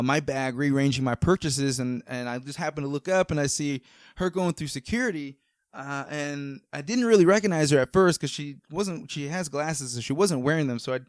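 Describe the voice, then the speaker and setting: A man's voice: a little high, clear, resonant tone, dry recording, clean studio sound. A man hosting a podcast, chatting casually and rambling with enthusiasm, with many fillers and restarts. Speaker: podcast host. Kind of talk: casual chat.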